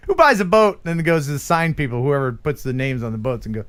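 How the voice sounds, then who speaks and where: A man's voice: on the high side, lively intonation, brisk, fairly bright tone, clean tone. Playful man hosting a live stream. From USA. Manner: goofy, playful, laughs often. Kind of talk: casual chat.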